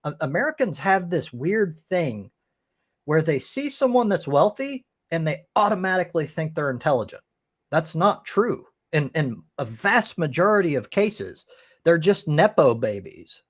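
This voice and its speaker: A man's voice: a little high, very animated, moderate pace. A man hosting a live-stream debate, arguing emphatically and swearing often. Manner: emphatic and profane, with frequent restarts. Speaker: host.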